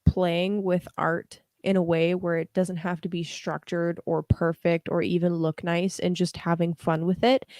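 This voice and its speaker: A woman's voice: lowish voice, a little mellow, no room sound, studio quality. A young woman hosting a live tarot reading, chatting casually with viewers in a slangy, laughing manner. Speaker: tarot reader livestream host.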